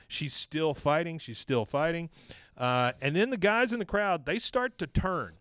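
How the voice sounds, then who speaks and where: An animated man co-hosts a casual podcast, walking through a cartoon episode scene by scene. His pitch swings widely, jumping up whenever he acts out a character. The sound is close and dry, with no room echo. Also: moderate pace. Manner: animated, acts out quotes in excited bursts. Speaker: podcast co-host. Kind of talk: casual recap chat.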